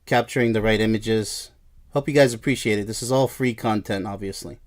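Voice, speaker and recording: A man's voice: lowish voice, brisk. A man hosting a song review show, talking in a casual, rambling video monologue full of asides about himself.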